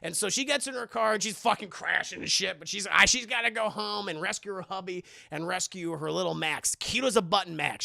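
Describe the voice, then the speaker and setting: A man streaming live, recapping a movie in a profane, animated, joking way. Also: high voice, fairly quick, creaky, hardly any pauses, no echo, studio quality. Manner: profane, animated, laughing storyteller. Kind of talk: casual comic recap. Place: streaming setup at home.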